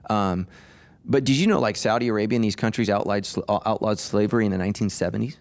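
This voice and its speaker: Emphatic low-voiced man pastor. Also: fairly even intonation, fast talker, creaky, darkish tone. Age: middle-aged. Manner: emphatic, opinionated, frequent restarts. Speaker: pastor, podcast host. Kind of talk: casual podcast discussion.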